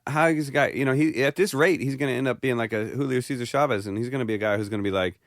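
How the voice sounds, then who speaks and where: A man's voice: mid-range voice, very fast, no echo, clean studio sound. A man from Britain co-hosting a boxing podcast, chatting in an easygoing, joking way. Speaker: podcast co-host. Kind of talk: casual chat.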